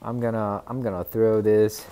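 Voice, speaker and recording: A young man streaming a shooter game live, chattering excitably and teasing his chat. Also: normal speed, slight background noise. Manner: excitable, yelps in sudden high bursts.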